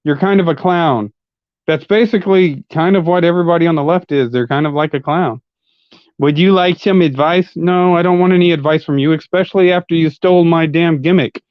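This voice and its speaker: A man's voice: fairly high pitch, a little fast, clean tone, dry recording. A man ranting on a livestream in a combative, heavily profane and mocking way. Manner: argumentative, mocking. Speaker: livestream commentator. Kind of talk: live-stream rant. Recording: muffled lo-fi audio.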